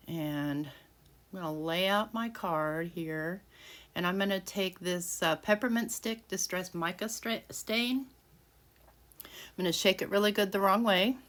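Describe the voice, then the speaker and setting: Working in her home craft room, a woman talks casually through a handmade card project, describing each step and restarting often. Her pitch is fairly low and her tone a bit bright.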